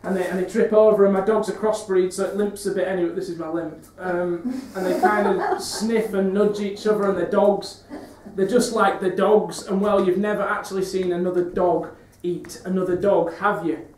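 A man giving a live spoken-word performance lecture, rhythmic and repetitive, swinging from wry asides to loud rants. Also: high-pitched, fairly even intonation, normal speed, slight background noise. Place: performance venue with audience. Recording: echoey hall, mic far off.

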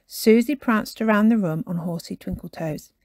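A woman storyteller reading a children's storybook aloud with an expressive delivery. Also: medium pitch, dry recording. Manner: slow and expressive.

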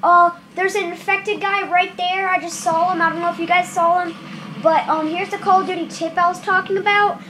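Very high-voiced, excitable gaming commentator. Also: female voice, a little fast, noisy background. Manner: jittery, then shouting with excitement. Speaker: gameplay commentator. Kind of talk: casual game commentary. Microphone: camera filming a screen.

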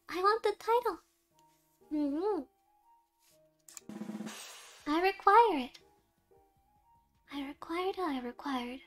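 A young woman streams a game live in a very high, bright-toned voice. She talks slowly and unhurriedly, turning her play into mock-heroic, melodramatic declarations and dropping Japanese words into her English. Faint game music plays underneath. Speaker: VTuber streamer.

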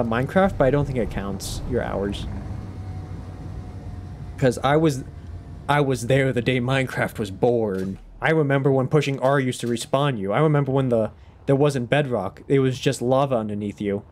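A man's voice: medium pitch, lively intonation, moderate pace, darkish tone. A young man in his twenties chatting casually on a gaming stream, rambling and self-deprecating.

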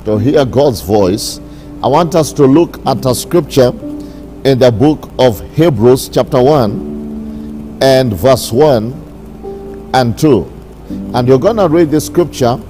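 A bishop preaching a sermon, repeating his declarations slowly and with emphasis. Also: medium pitch, dark tone. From Kenya.

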